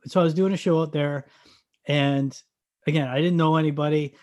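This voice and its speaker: A man from Canada telling a story in casual chat, acting out the dialogue and bursting into loud excited shouts. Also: on the high side, brisk.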